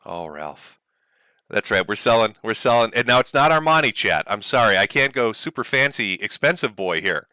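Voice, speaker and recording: A man's voice: fairly low pitch, sing-song, normal speed, sharp tone, smooth, no echo. A man hosting a livestream, talking to his chat with sarcastic, mocking commentary and frequent laughs. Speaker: streamer host.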